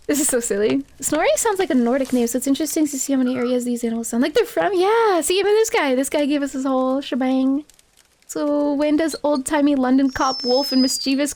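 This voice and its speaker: A woman streamer giving casual, giggly, rambling commentary while playing a cozy game. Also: sits high. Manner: giggly, rambling, self-interrupting.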